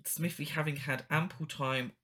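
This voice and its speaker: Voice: mid-range voice, steady tone, moderate pace, pushed and bright. A person co-hosting a casual film chat, making dry, teasing remarks. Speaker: podcast co-host.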